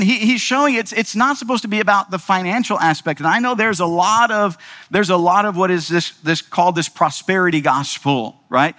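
Male pastor, slightly high voice, informal sermon delivery, heavy rhetorical questions, long reverb tail. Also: sharp tone. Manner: conversational, asks rhetorical questions with frequent "right?".

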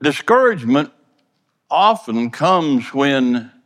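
A man's voice: medium pitch, big pitch swings, slow pace, a bit bright, big-room sound. A man preaching a sermon in a plainspoken, folksy way, earnestly repeating and stumbling over words.

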